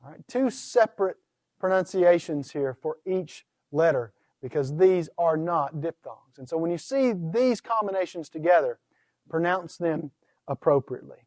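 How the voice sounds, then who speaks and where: A man with a high voice lectures in a patient, teacherly way, putting questions to his students and then answering them himself. The sound is dry and close, with no room echo. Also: animated, normal speed, a little mellow. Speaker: Greek instructor. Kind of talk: recorded course lecture.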